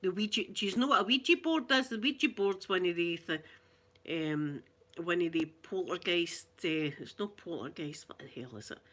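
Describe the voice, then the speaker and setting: A woman's voice: lowish voice, expressive, normal speed, a bit bright. A Glaswegian woman hosting a casual live chat, chatty and rambling, laughing often. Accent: Glaswegian Scottish. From Glasgow, Scotland.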